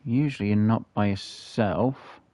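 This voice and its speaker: A man's voice: fairly low pitch, a little slow, warm tone, no echo. A man commentating his hunting game, muttering to himself and getting frustrated. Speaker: gaming youtuber.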